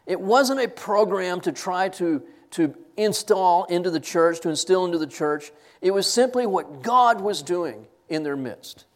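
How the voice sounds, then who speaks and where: A man's voice: high-pitched, measured pace, hardly any pauses. An older man teaching from a Bible passage to students in a sermon style, laughing and getting choked up as he tells stories. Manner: animated, laughs and chokes up while telling stories. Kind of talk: classroom sermon.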